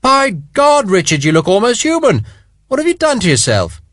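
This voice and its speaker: A man's voice: high-pitched, wildly swooping pitch, moderate pace, a bit bright, no echo, clean studio sound, voice pushed up, exaggerated voice. A man reading an audiobook, voicing a mocking, rakish aristocratic British officer in a raised, theatrical voice. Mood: boisterous teasing. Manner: teasing, theatrical, bellowing. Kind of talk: audiobook character voice.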